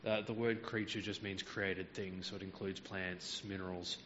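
Speaking at a fairly low pitch with a level tone, a male preacher walks through a Bible teaching sermon verse by verse, stopping now and then on a filler. His slightly muffled, lo-fi recording sounds a bit bright, carrying a long reverb tail over faint background noise.

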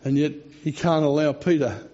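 A man preaching a sermon, telling the story expressively with dramatic slowdowns. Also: fairly high pitch, steady tone, mellow. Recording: dull lo-fi recording.

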